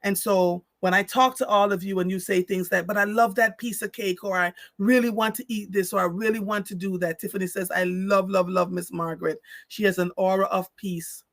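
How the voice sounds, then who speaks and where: A man's voice: high-pitched, steady tone, brisk, few pauses, fairly bright tone, no echo. A man hosting a live stream, reading out viewer comments and responding in an earnest, emphatic way, often repeating phrases for stress. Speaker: live show host.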